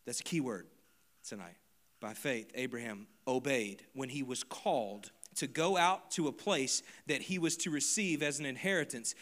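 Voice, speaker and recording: A man preaching a sermon to a congregation. He moves from quiet, close asides to loud, emphatic repeated lines. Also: medium pitch, animated, moderate pace. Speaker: pastor. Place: church service before a congregation.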